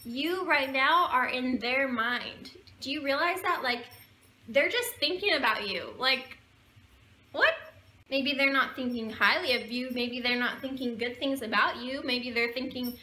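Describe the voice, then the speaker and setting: A woman's voice: high-pitched, unhurried, bright, forceful tone. A young woman vlogger talking earnestly and emotionally to her viewers, preaching forgiveness in a heartfelt way. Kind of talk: heartfelt talk to camera. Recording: echoey room with faint background noise.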